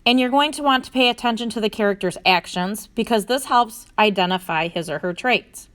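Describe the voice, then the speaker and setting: A woman's voice: fairly high pitch, brisk, fairly bright tone, smooth. A woman teacher reading a story aloud and explaining a reading lesson, using explanatory fillers like "so basically".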